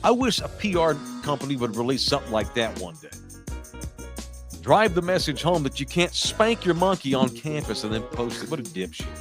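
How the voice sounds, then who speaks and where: A man's voice: medium pitch, sing-song, moderate pace, over music. A man hosting a casual sports podcast in a studio, ranting with profane, sarcastic jokes and reading sponsor ads. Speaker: podcast host.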